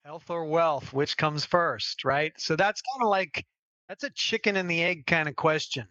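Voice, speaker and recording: A man's voice: a little high, moderate pace, bright, forceful tone, dry recording, dull audio. A man speaking as a health strategist guest on a podcast, emphatic and persuasive. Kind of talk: podcast interview talk.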